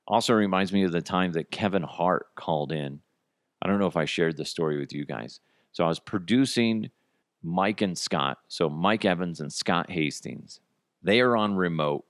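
A man hosting a comedy podcast, rambling through stories with quick asides. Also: deep voice, fairly bright tone, no room sound, studio quality. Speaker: podcast host. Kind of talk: casual comedic chat.

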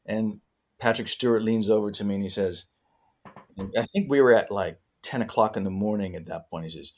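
A man's voice: fairly low pitch, a little fast, darkish tone. A man, an actor guest on a podcast, telling long, rambling anecdotes in a casual interview with many fillers.

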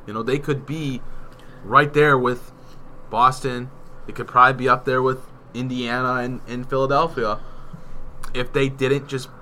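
A man co-hosting a sports podcast, talking in a measured, analytical way. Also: medium pitch, fairly even intonation, bright, forceful tone, slight background noise. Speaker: podcast co-host. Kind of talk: casual sports chat.

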